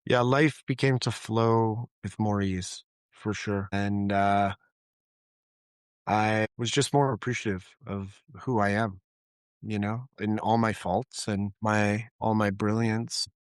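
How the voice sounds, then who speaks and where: A middle-aged man telling candid personal stories in a relaxed conversational way, reflective and animated when he quotes people. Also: lowish voice, slow pace, clear, resonant tone, no echo, studio quality. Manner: reflective, acts out quoted dialogue with laughs. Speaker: podcast guest, therapist.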